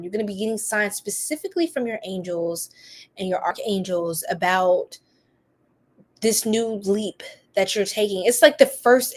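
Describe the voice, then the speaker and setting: A woman hosting a live tarot reading, chatty and giggly, rambling with lots of fillers. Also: mid-range voice.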